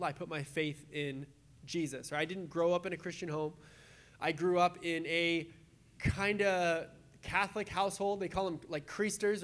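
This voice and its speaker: A man with a high voice preaches in a loose, conversational way, like a pastor chatting with his congregation. He is animated, drops in quick asides and slips into acted-out voices to make his points. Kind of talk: casual conversational sermon.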